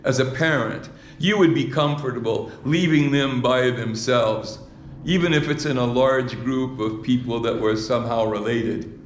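A man preaches in a mid-pitched voice, restarting phrases and putting rhetorical questions to his congregation. The sound is roomy and echoey, with faint ambience behind him. His delivery sounds like a live sermon in a church hall. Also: a little hiss or hum. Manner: repeats words, asks the congregation rhetorical questions.

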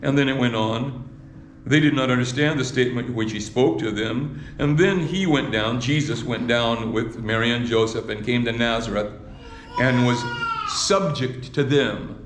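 A man's voice: medium pitch, moderate pace, background noise. Man preaching in an echoey church. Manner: repeats words, asks the congregation rhetorical questions. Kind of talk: sermon. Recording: echoey hall with faint ambience.

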